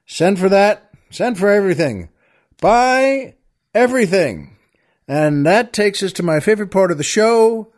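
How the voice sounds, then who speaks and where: Man, comedy podcast host, chatty jokey monologue, slightly high voice. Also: darkish tone. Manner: chatty, jokey asides, chuckling. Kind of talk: casual comic monologue.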